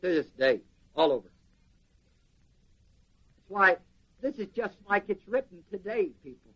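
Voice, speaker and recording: Animated high-voiced preacher. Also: male voice, measured pace, long pauses. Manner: animated, quizzing the congregation. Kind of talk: sermon. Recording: dull lo-fi sermon recording.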